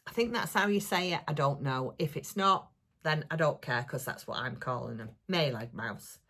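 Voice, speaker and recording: Woman, low husky voice, excitable rambling craft vlogger. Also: moderate pace. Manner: gushing, excitable, rambling with many fillers. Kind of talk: casual chatty show-and-tell.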